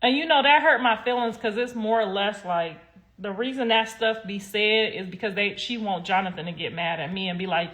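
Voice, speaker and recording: Heated and blunt, a woman vents on a casual livestream at normal speed, cursing without restraint and veering from loud outbursts to quiet muttering.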